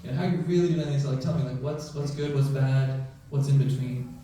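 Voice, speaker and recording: A man's voice: medium pitch, steady tone, fast talker, mellow, slight background noise. A man who is a physician, giving a conversational talk to a mosque audience and often checking in with "right?" and "you know". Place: large mosque prayer hall. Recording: echoey hall, voice from far off.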